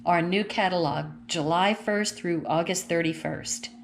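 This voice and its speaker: A woman's voice: on the low side, a little slow, creaky, slight background noise. A woman casually walking viewers through a craft catalog at home, chatty and gushing as she thinks aloud while turning the pages. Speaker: consultant showing a craft catalog. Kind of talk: casual catalog walkthrough vlog. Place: at home with her dogs.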